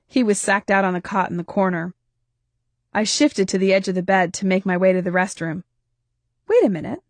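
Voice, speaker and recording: A woman author reading her own novel in first person, lively, her voice leaping up on questions and exclamations. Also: no echo. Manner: expressive, pitch jumps on questions and exclamations. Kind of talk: first-person audiobook narration.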